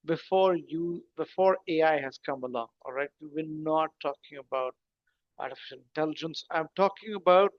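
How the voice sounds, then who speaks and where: A man, a guest on an online call, explains his topic in a lively, conversational way. His voice sits a little on the higher side. He breaks ideas into steps and poses rhetorical questions to his listeners. The audio is dry and slightly dull, like lo-fi call sound. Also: normal speed, no echo. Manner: explains things step by step with rhetorical questions and asides. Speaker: guest speaker. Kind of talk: conversational talk in an online session.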